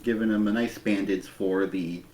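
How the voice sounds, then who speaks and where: A man co-hosting a casual comic book chat, giving measured, dry commentary. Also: lowish voice, steady tone, mellow. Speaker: comic book podcast co-host. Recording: roomy echo.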